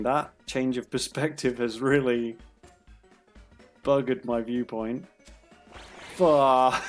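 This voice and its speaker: A man's voice: mid-range voice, a little mellow. A man giving playful, giggly commentary as he plays a video game, laughing often. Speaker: streamer. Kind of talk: gameplay commentary.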